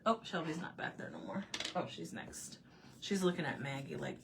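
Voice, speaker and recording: A woman's voice: deep voice, lively intonation, normal speed, vocal fry, background noise. A woman chatting casually with her livestream viewers while she paints at home, answering their comments and laughing often. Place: home room with desk.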